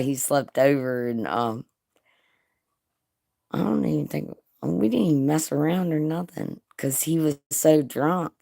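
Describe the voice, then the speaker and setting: A woman's voice: very deep voice, vocal fry, no room sound, studio quality. A woman hosting a casual livestream, reading chat and telling stories with frequent swearing and laughter. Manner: crude, swearing, laughing often.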